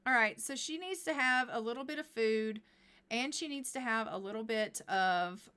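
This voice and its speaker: Brief: chatty woman gameplay streamer, bright voice, a bit high. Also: moderate pace, clean tone. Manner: chatty, narrates what her characters say. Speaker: game streamer. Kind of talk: live gameplay commentary.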